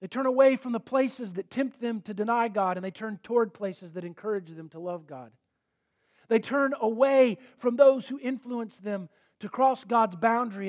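A middle-aged male pastor preaching a sermon in an earnest, emphatic way, rising to forceful peaks. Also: high-pitched.

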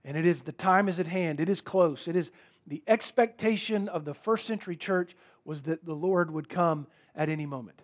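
High-voiced earnest male preacher. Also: normal speed. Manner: earnest, emphatic, reads scripture aloud, frequent rhetorical questions. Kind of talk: sermon.

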